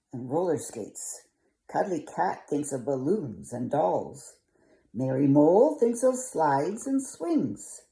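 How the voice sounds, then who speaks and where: A woman's voice: on the low side, creaky, mellow. An older woman reading a picture book aloud to children, coaxing and asking the listener questions. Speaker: storyteller.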